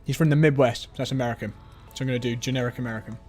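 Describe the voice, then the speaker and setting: A man's voice: medium pitch, fairly even intonation, racing, a little mellow. A man hosting a live stream, reading viewer comments aloud and joking about them. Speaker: stream host reading chat. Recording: intro music behind.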